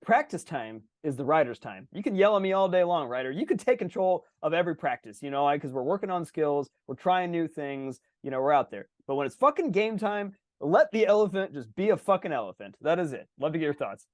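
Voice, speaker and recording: Animated swearing podcast host, man. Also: on the high side, a little fast, hardly any pauses, no echo, clean studio sound. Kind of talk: casual book discussion.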